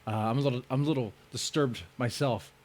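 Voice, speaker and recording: Guy hosting a horror podcast, laughs a lot, trips over his words, kinda middle pitch. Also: quick pace, heavy background noise. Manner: laughs often, stammers and repeats words. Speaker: podcast host. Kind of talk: casual comedic chat.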